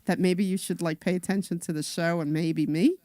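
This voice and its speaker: A woman's voice: on the low side, steady tone, fairly quick, dark tone, dry recording, studio quality. A woman co-hosting a casual radio talk show, bantering and teasing her co-host. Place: radio studio.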